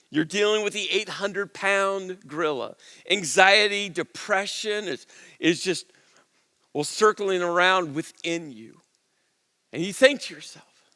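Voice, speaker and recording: A man preaching a sermon in an earnest, conversational way, dropping to soft low asides and rising for emphasis. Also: animated, moderate pace, long reverb tail. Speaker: pastor.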